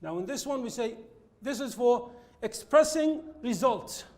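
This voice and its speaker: Very high-pitched man, English teacher, slow repetitive explaining. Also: lively intonation, darkish tone. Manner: explains slowly, repeats examples, switches to Arabic glosses. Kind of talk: classroom lesson with slides.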